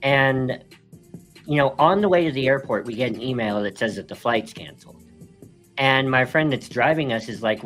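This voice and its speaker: A man's voice: mid-range voice, normal speed, a bit bright, faint music behind. A man co-hosting a live stream, telling a story casually and animatedly, laughing between phrases and leaning on fillers. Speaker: co-host.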